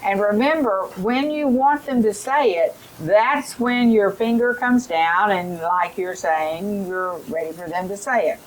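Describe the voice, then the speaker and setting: A woman's voice: mid-range voice, measured pace, few pauses, rough recording. A woman leading a teacher training session, giving directions and modeling phonics drills aloud.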